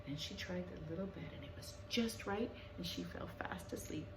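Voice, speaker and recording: A woman telling a children's story in an animated, expressive way. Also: lowish voice, normal speed, heavy background noise. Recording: echoey room.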